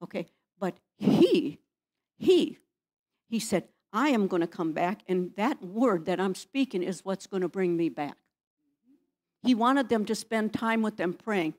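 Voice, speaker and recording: A woman's voice: medium pitch, animated, measured pace, a little mellow. A woman pastor preaching in a church, firing rhetorical questions at the congregation. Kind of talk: sermon.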